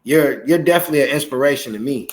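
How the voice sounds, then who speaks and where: A man in his thirties hosting a casual interview chat, animated and acting out quoted voices as he talks. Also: medium pitch, fast talker, slight background noise. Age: 30s. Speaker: podcast host.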